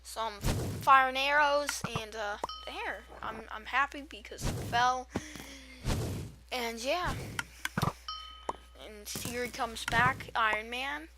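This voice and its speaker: A woman's voice: on the high side, slow, pauses often, background noise. A woman doing voice-over commentary on her gameplay, rambling and poking fun at herself with restarts and fillers. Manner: rambling, self-mocking, with frequent restarts and fillers. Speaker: gaming channel host. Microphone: new desktop microphone.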